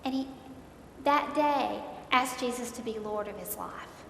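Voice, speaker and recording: A high-pitched woman with a drawl tells her faith testimony in an earnest way, repeating words as she goes. Her voice carries through a large, echoing hall with a long reverb tail and a faint rumble underneath. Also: unhurried, creaky, a bit bright. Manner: earnest, repeats words while recounting, voice rises in dismay. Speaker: speaker giving a personal testimony. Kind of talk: emotional faith testimony storytelling.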